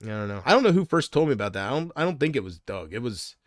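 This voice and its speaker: A man's voice: medium pitch, very animated, fast talker, dry recording, clean studio sound. A man chatting casually on a livestream, rambling from thought to thought and often trailing off.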